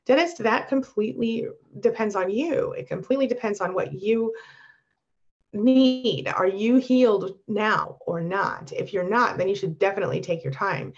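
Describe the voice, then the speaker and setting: A woman coaching abuse survivors on a live stream, reading viewer comments and answering them with warm encouragement. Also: mid-range voice, normal speed, dull audio.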